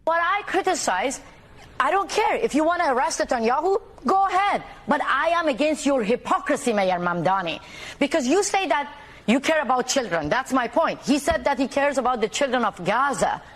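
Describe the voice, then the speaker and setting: Fervent high-voiced activist woman from Iran. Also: big pitch swings, normal speed. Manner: fervent, emphatic, indignant. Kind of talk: TV interview.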